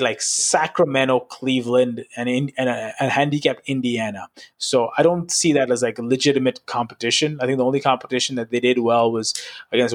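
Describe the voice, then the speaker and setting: A man co-hosts a basketball podcast in loose, casual chat. He rambles through his points and keeps checking in with "right?". His voice sits at a middling pitch. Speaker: podcast co-host.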